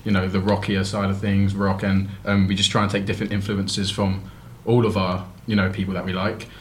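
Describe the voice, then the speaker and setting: Rambling low-voiced man, band guest. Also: little pitch movement, a little fast, slight background noise. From Milton Keynes, England. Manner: rambling, lots of "you know". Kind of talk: casual radio interview.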